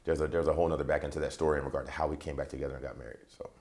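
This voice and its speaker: A man's voice: rumbling low, little pitch movement, racing, a little mellow. A man, a transition coach and interview guest, tells a personal story in a vivid way and acts out the voices of the people in it. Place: TV interview set.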